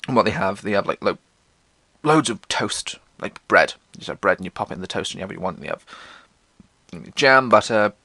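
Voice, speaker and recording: Young guy, low but bright voice, podcast monologue full of swearing and squeaky impressions. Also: gravelly, no room sound. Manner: swearing, self-mocking, acts out quoted voices in squeaky tones. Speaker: podcast host. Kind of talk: casual comic storytelling monologue.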